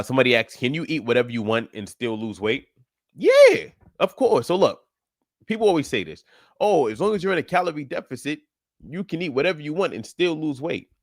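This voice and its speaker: A young man with a medium-pitched voice hosts a live stream as a fitness coach, chatting casually with callers, encouraging them and laughing often. The sound is studio quality with no echo.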